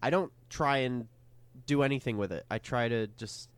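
A man's voice: medium pitch, normal speed, clear, resonant tone, dry recording. A young man co-hosting a podcast in casual chat, talking hesitantly with many fillers and restarts. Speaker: podcast co-host.

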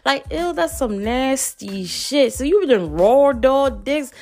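A woman voicing her blunt, judgmental inner self, brash and profane, pitched well above her usual talk. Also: lively intonation, takes it slowly, darkish tone. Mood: disgusted.

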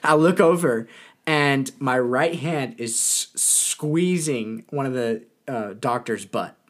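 A young man casually telling a story, animated and often laughing. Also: mid-range voice, slow, slight background noise.

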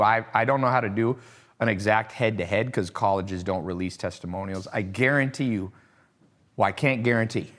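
A man as a podcast guest, talking casually and acting out the voices of people in his stories. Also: mid-range voice. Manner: animated storyteller, mimics voices.

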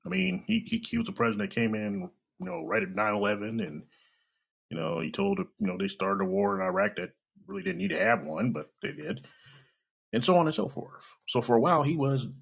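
Gravelly man ranting on a podcast. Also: medium pitch, sing-song, moderate pace, a bit bright. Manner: blunt, profane, heated ranting. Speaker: podcast host. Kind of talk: opinion rant monologue. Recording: dull lo-fi recording.

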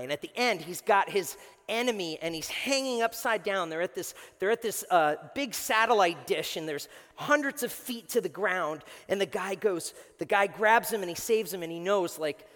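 Pastor, male, lively sermon delivery with loud peaks and quiet drops, bright voice, reverberant church hall. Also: high-pitched, moderate pace. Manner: animated, swings from shouting to hushed, acts out quotes. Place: church sanctuary before a congregation.

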